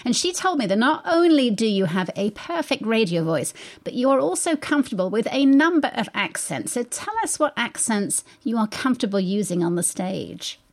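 English woman interviewing, fairly high voice. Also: big pitch swings, moderate pace, few pauses. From England. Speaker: radio host.

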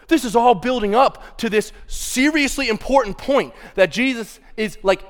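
Impassioned preaching man, slightly high voice. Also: lively intonation, moderate pace, fairly bright tone. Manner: impassioned, conversational preaching with casual asides. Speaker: pastor. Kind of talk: sermon. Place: church sanctuary. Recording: long reverb of a large hall.

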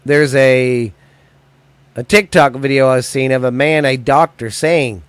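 A man hosting a podcast, ranting in a profane, agitated way that swings between loud and quiet. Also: mid-range voice, measured pace, no room sound, soft background music. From United States. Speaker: podcast host. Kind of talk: angry solo podcast rant.

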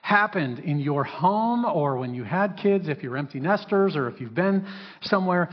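A man's voice: fairly high pitch, expressive, moderate pace, lo-fi sound. Man preaching in a reverberant hall. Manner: interactive, asks the congregation to answer; acts out biblical characters with sassy raised voice. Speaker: pastor. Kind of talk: sermon. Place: church hall.

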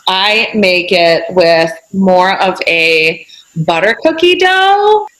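A woman's voice: on the low side, lively intonation, slow, a bit bright, poor audio. A woman chef as a podcast guest, giving practical cooking advice in an easygoing, step-by-step way.

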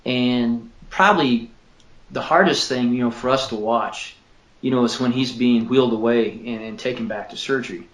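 A man in his fifties, an author and father, telling a personal story in an earnest, halting way that repeats words when he is moved. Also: medium pitch, a bit bright. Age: 50s. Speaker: author and father interviewed about his book. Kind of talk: emotional personal storytelling in an interview. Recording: roomy echo.

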